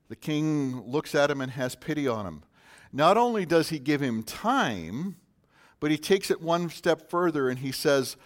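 A man preaching a sermon in a conversational way, with sudden loud emphasis on key words. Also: fairly high pitch, expressive, moderate pace. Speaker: pastor.

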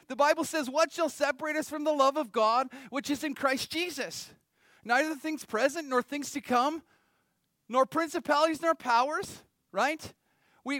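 Middle-aged male pastor, strikingly high pitch, conversational sermon delivery, dry close sound. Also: a bit bright, no room sound. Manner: conversational preaching, rhetorical questions to the audience.

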